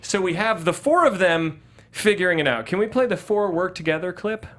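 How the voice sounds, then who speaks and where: A man's voice: high voice, lively intonation, fairly quick, a bit bright. A man co-hosting a casual movie review podcast, recapping scenes and mimicking the characters' lines. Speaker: podcast co-host.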